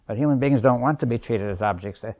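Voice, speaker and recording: Speaking fast in a mid-range voice, a man in his seventies leads an improvised seminar lecture. He reflects as he goes, keeps asking his listeners "right?" and "you see," and lets out soft chuckles between points.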